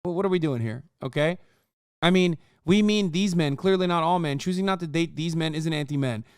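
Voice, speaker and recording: A man's voice: fairly high pitch, fairly quick, smooth, no room sound, clean studio sound. A man in his thirties giving profane, sarcastic reaction commentary, ranting at what he watches. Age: 30s. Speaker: streamer reacting to a video.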